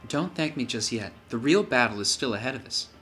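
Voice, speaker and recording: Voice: medium pitch, animated, fairly quick, fairly bright tone, soft background music. A let's play host reading game dialogue aloud, with jokey asides between lines.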